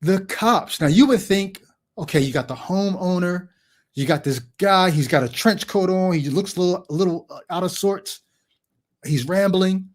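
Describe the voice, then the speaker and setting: Animated man hosting a call-in stream. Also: high-pitched, moderate pace. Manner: animated storytelling, acts out quoted voices; talks to the chat directly. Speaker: call-in show host. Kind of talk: livestream monologue.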